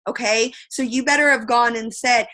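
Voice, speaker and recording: Bright, emphatic woman on a video call. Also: on the high side, steady tone, moderate pace. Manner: emphatic, tough-love, rambling. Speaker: team leader. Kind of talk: motivational team call.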